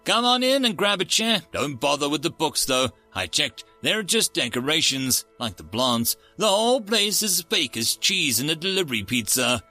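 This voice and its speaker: A man's voice: a little high, sing-song, normal speed, few pauses, pushed and bright, faint music behind. A man voicing a breezy, wisecracking male porpoise alien with a Brooklyn accent in an audiobook story. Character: brash male porpoise alien, laid-back.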